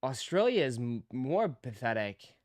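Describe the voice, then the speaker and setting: A man's voice: mid-range voice, big pitch swings, a little slow, dry recording, studio quality. Laid-back slangy man chatting to viewers. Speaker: sneaker live stream host. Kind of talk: casual live stream chat.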